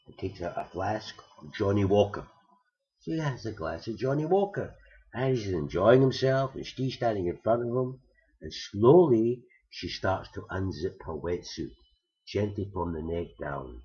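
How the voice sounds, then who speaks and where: A man telling long jokes, building them slowly with repeated phrases, on a dull recording. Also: sits low, warm tone. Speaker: comedian. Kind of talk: stand-up joke telling.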